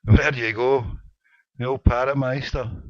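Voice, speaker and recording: This internet radio host has a mid-range voice with fairly even intonation and an unhurried pace. He's doing a casual live rant to his chat, joking and mock-indignant, in dry, dull lo-fi internet radio sound with no echo.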